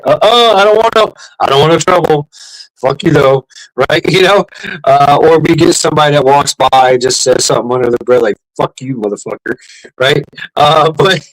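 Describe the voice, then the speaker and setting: A man's voice: a little high, low-quality recording. A middle-aged man hosting a casual livestream, rambling and swearing, repeating himself and laughing often. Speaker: livestream host.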